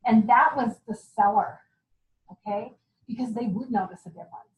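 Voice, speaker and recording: A woman giving a lively, chatty sales training talk to a group, laughing often and acting out what customers say. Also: fairly high pitch, normal speed. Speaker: guest speaker. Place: meeting room. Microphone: far from the mic. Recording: echoey, dull, distant room recording.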